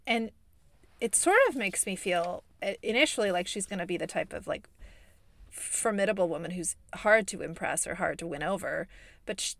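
A woman's voice: fairly low pitch, moderate pace, vocal fry, dry recording. Chatty woman with a put-on Midwestern accent. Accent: fake Midwestern. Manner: expressive, chatty, laughs often. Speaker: podcast host reviewing a movie. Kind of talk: casual chat.

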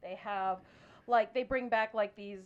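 A woman chatting casually in a group podcast, excitable and rambling, full of fillers. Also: medium pitch, measured pace, clean tone, dull audio. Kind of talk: casual chat.

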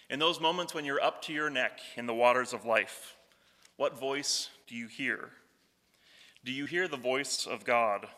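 A pastor delivers a reflective sermon at a measured pace in a bright, forceful, medium-pitched voice. A long reverb makes it sound like a large hall, and he reads quoted scripture more slowly and softly.

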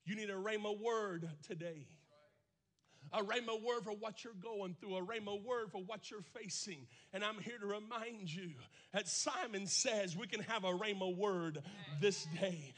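Pastor, male, high and bright, preacherly delivery, swells from hushed to shouting. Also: moderate pace. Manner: preacherly, swings from quiet to shouting; repeats phrases for emphasis. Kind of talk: sermon.

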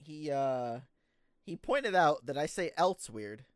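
A man's voice: fairly high pitch, big pitch swings, slow pace, smooth, dry recording, clean studio sound. A young man co-hosting a podcast in casual chat, laughing often as he talks. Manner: giggly, laughs often while talking. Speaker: podcast co-host.

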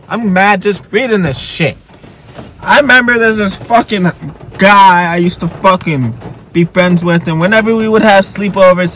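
Male comedy podcast host, fairly high voice, tired, foul-mouthed ranting, slight background noise. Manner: profane ranting and yelling at the stories. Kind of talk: solo comedy podcast reading posts aloud.

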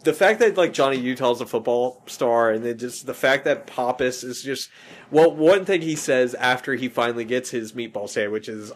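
A man's voice: mid-range voice, moderate pace. A man hosting a movie podcast in casual chat, rambling and often correcting himself. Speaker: podcast host.

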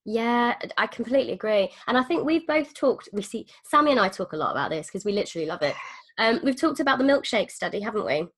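A woman's voice: fairly high pitch, animated, fast, fairly bright tone. A woman hosting a podcast, chatting with enthusiasm and now and then acting out quoted voices. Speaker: podcast host. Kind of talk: casual podcast conversation.

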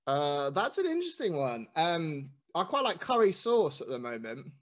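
A man's voice: fairly high pitch, huge pitch swings, moderate pace, fairly bright tone. A man from England with a slight London accent, a podcast guest who answers hesitantly with lots of ums and restarts. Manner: hesitant, many fillers. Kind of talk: casual interview chat.

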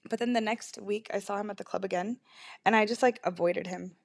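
A woman's voice: medium pitch, fairly even intonation, brisk, gravelly. A young woman alone in her bedroom telling an anxious, rambling story into her laptop microphone, restarting sentences and stumbling over her words. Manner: anxious, rambling, self-interrupting with frequent restarts. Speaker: vlogger. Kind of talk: confessional storytime vlog.

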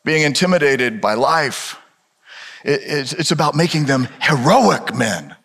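A man's voice: a little high, very animated, unhurried, vocal fry, fairly bright tone, slightly rough. A male pastor preaching a sermon with dramatic storytelling and rhetorical questions. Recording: reverberant hall.

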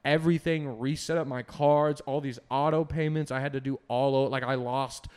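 A man's voice: mid-range voice, fairly even intonation, moderate pace, darkish tone, clear, resonant tone. A young man in casual chat, rambling with constant fillers and swearing.

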